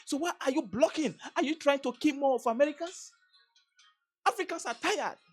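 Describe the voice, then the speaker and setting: A woman's voice: high-pitched, animated, normal speed, faint music behind. A Nigerian woman vlogger giving an emphatic political commentary, repeating phrases and restarting sentences as she presses her points. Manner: emphatic, repetitive, stammering restarts.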